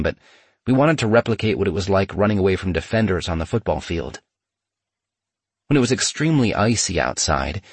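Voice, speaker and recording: A man narrating a memoir in a steady, measured storytelling manner. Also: low-pitched, dry recording.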